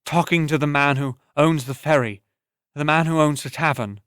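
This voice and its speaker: A man's voice: fairly high pitch, moderate pace, a bit bright, clean tone, no echo, studio quality, close to an everyday voice. A man voicing a sick, weary teenage boy on the run, speaking in a faltering, strained way.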